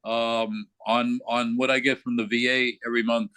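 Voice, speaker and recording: An older man, a veteran, talking casually in an interview, blunt and profane, getting animated as he retells his story. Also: medium pitch, moderate pace, clear, resonant tone, no room sound. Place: remote call from abroad.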